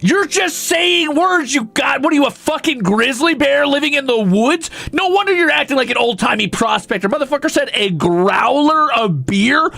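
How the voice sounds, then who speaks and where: A young man streaming casually, reading viewer comments aloud and ranting with lots of swearing, flipping between outrage and mock calm. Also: very high-pitched, moderate pace, gravelly, few pauses, dry recording. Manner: profane, excitable ranting that swings to mock calm.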